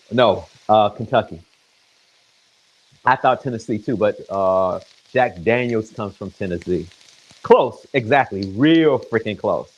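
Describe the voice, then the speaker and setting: A man's voice: mid-range voice, expressive, a little slow, dull audio. A man chatting and joking with viewers by name as he cooks in his home kitchen. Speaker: home cook streaming to viewers. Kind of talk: casual live cooking chat. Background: sizzling pan.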